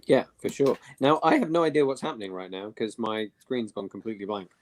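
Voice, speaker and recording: British male guest, teasing banter, very lively pitch. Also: brisk. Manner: teasing, animated. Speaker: guest commentator. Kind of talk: casual watch-along chat.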